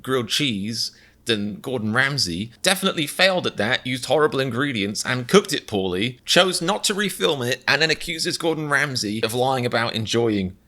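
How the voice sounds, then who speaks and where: A man's voice: mid-range voice, animated, normal speed, sharp tone. A man giving sarcastic, self-mocking comedic commentary as he reacts to a video.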